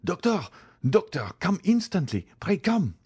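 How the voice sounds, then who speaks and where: A man voicing a frantic gentleman shouting. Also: high voice, sing-song, a little slow, husky, pitched above the performer's own voice, full character voice. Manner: urgent shouting. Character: middle-aged gentleman, stunned then frantic.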